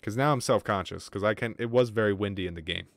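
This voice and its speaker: This man talks fast in a low-side, creaky voice, and the recording sounds dry. He's a gaming streamer live-chatting casually with viewers, rambling, joking, swearing freely, and breathing a bit wheezily.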